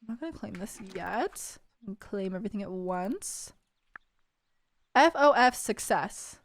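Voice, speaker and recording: A woman giving casual, excitable gameplay commentary, chatting to viewers and reading game text aloud. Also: mid-range voice, a little slow, no echo, studio quality. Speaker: gaming video creator.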